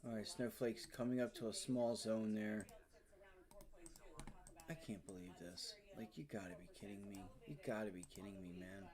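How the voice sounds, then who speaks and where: A man's voice: lowish voice, fairly even intonation, moderate pace, crowd noise. A man hosting a live day-trading stream, frustrated and swearing, muttering to himself as he talks to viewers. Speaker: day trading livestream host.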